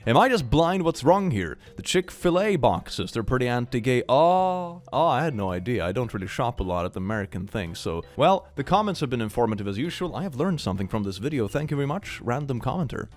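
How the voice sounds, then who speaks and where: A young man chatting casually as a reaction host, his pitch swinging widely as he jokes along. He sounds playful and upbeat, tossing off quick asides with a laugh in his voice. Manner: playful, animated, frequent laughs.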